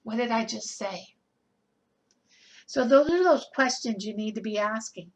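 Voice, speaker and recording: Slow-paced woman giving a nursing lecture. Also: on the high side, low-quality recording. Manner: conversational, rhetorical questions, frequent "okay?". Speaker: nursing instructor. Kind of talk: recorded lecture.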